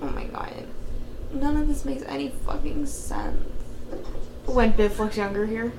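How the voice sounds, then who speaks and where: An excitable young woman co-hosts a casual movie podcast, with a fairly high voice that jumps into exclamations and swears freely. She is recorded in an echoey room with faint background noise. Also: measured pace, gravelly. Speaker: podcast co-host. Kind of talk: casual movie-watching chat.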